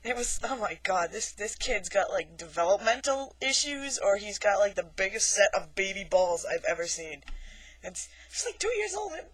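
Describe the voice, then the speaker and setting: A haunted hayride scare actor telling stories in a casual vlog monologue, animated and sarcastic, acting out the quotes. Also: medium pitch, normal speed, dry recording, poor audio.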